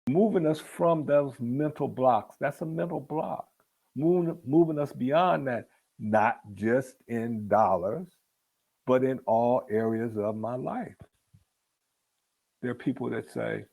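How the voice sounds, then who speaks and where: A man's voice: mid-range voice, moderate pace, gravelly, a little mellow, slightly rough. A man leading a spiritual book discussion in an earnest, repetitive teaching manner that builds to emphatic peaks. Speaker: book club leader.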